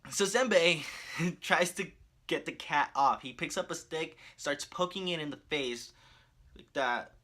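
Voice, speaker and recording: A man with a fairly high, bright voice recapping a cartoon story. His delivery is animated and casual, and he breaks into laughs often. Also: a little slow. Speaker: video creator.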